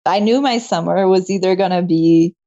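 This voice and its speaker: A woman's voice: on the low side, normal speed, lo-fi sound. Laughing, emotional young woman storyteller. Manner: emotional, laughs often, animated retelling. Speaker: guest, medical student. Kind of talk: casual interview storytelling.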